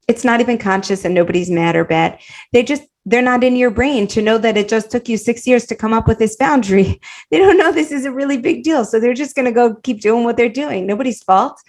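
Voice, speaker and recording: A woman coach teaching a live online class over a video call, animated and warm, laughing often as she encourages her students. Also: a little high. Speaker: women's life coach and teacher.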